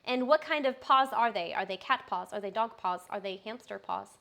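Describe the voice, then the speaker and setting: A woman's voice: mid-range voice, animated, fairly quick, vocal fry, fairly bright tone. A young adult woman, a personal trainer, chatting casually and upbeat on a live stream, with frequent fillers.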